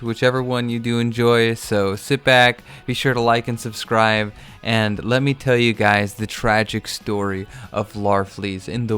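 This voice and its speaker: A smooth-voiced man hosts a casual comic book recap. He walks through the pages in a loose, amused way, dropping in fillers as he goes. Soft music plays underneath. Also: fairly low pitch.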